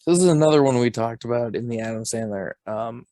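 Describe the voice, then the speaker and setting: A male podcast co-host talks in a relaxed, informative way, giving film facts and opinions. His voice sits at a middling pitch, and the recording is close and dry, with no room sound. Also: fast, no echo. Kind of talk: casual chat.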